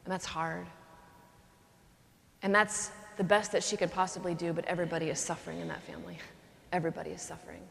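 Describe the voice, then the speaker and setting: A woman's voice: on the low side, little pitch movement, fast, gravelly, long pauses, fairly bright tone. A woman, a nun giving a charismatic retreat talk, teaching in an earnest, conversational way and acting out little scenes. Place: cathedral. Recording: long cathedral reverb.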